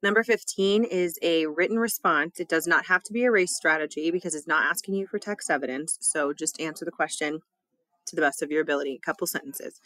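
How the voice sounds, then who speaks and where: A woman's voice: low-pitched, fairly quick, fairly bright tone, dry recording. A woman teacher reading a test and a poem aloud for her students, in a casual, chatty way with small laughs.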